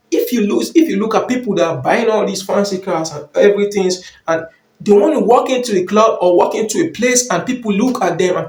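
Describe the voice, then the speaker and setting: A man's voice: sits high, echoey room. A man giving a motivational dating and confidence talk, repeating his points emphatically and calling the listener brother.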